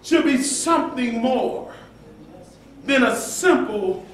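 High-pitched preaching man, slow and echoey. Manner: preaching with call-and-response, dramatic shouts. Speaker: pastor. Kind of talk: sermon. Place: church sanctuary. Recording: echoey church hall from far off.

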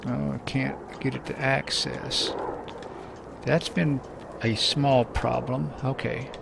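A man's voice: medium pitch, level tone, takes it slowly, creaky, background noise. A man giving casual, rambling commentary while playing a farming game, thinking aloud with many fillers. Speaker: gameplay commentator. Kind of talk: casual let's-play commentary.

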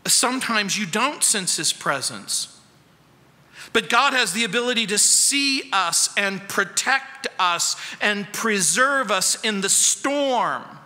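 A male pastor preaching a sermon in a high, bright and ringing voice. He delivers it slowly, firing off rhetorical questions and dropping from loud to soft. The sound carries a long reverb from the church hall. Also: expressive.

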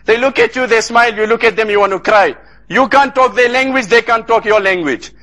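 A man's voice: very high-pitched, brisk, pushed and bright. A man from South Africa giving an emotional sermon, telling stories in repeated cadences with Arabic phrases mixed in. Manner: impassioned, repetitive cadences, sprinkled with Arabic phrases. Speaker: Islamic lecturer.

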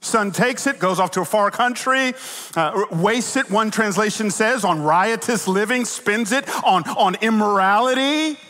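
A middle-aged man preaching a sermon as pastor, telling stories with animated swings from loud to hushed. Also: sits high, measured pace. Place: church sanctuary. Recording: long reverb of a large hall.

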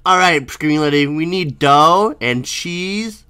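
A deadpan, callous cook lady, played by a woman, low and unbothered, speaking slowly while the voice stays bright in tone. Nothing rattles her, and she says everything flatly. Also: clean tone, full character voice. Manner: flat, unbothered, low delivery. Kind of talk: voicing characters while playing a game.

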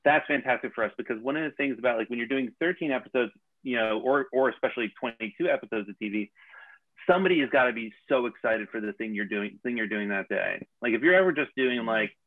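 A man, a TV showrunner, talks loosely and circles back through restarts as he explains his work. His voice sits at an ordinary pitch. It comes through a narrow, phone-like video call line. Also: quick pace. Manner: rambling, many restarts. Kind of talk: casual interview talk.

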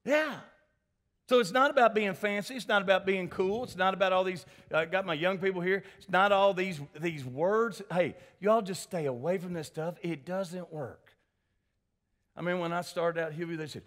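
Preaching in a church sanctuary at a moderate pace, this male pastor's voice sits high. He delivers his sermon animatedly, calling on the congregation to respond and naming individuals directly.

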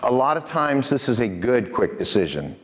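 A man giving a lively prevention talk to students, asking them questions, telling stories and laughing often. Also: medium pitch, normal speed. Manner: animated storyteller, asks the audience questions, laughs often. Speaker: prevention specialist and youth speaker. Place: church hall. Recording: long hall reverb.

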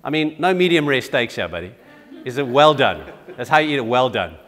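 A man's voice: mid-range voice, big pitch swings, fairly quick, a bit bright, long reverb tail. A man preaching a sermon in a conversational, self-deprecating way with frequent restarts. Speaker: pastor. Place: church.

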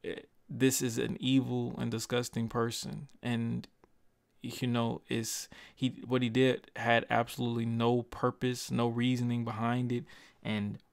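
Earnest and passionate, a young man airs his opinions in a commentary vlog, but he keeps stumbling, stuttering, and starting over, with casual swearing thrown in. This YouTuber's mid-range voice is monotone with vocal fry, captured on a desk microphone with no echo.

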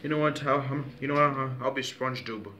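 A man goofs around in a home video, repeating phrases and inventing names between giggles. His bright tone sits at a middling pitch, with a faint hiss of noise behind it. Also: quick pace, dull audio. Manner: giggly, repetitive, silly made-up names. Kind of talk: playful home video chat.

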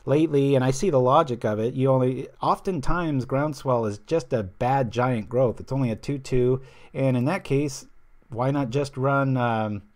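A man with a mid-range, slightly mellow voice speaks at a normal speed while hosting a stream. He plays a card game and reads viewer comments aloud, chatting casually and rambling, often losing his train of thought.

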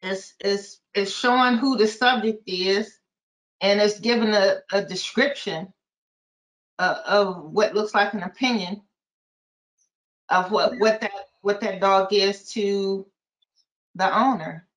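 A woman's voice: mid-range voice, steady tone, takes it slowly, long pauses, poor audio. A woman adult learner reading sentences aloud carefully and hesitantly in a lesson.

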